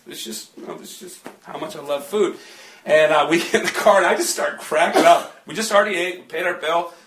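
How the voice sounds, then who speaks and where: Laughing high-voiced man preaching. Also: fairly quick, fairly bright tone. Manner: chatty, laughing, jokes with the congregation. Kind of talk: sermon. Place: church. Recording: echoey church from a distant mic.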